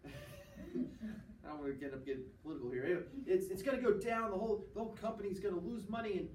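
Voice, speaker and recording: A man's voice: sits high, lively intonation, brisk, a little mellow. A man teaching a class, explaining step by step, checking in with the students and acting out small examples. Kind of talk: classroom lecture. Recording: echoey classroom from far off, faint noise.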